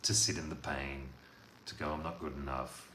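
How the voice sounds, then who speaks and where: A man delivering a blunt, profane motivational monologue as a coach, veering from loud outbursts to quiet talk. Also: extremely low pitch, fairly even intonation, moderate pace. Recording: echoey room with faint noise.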